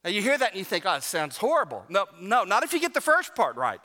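A man preaching a sermon to his congregation, animated and joking, with emphatic rises on key words. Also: high voice, fast talker. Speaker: pastor. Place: church sanctuary. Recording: long church reverb.

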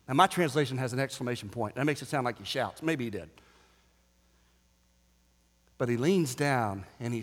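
A male pastor preaching a sermon, swinging between hushed, quiet stretches and loud shouting, with joking asides. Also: medium pitch. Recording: long hall reverb.

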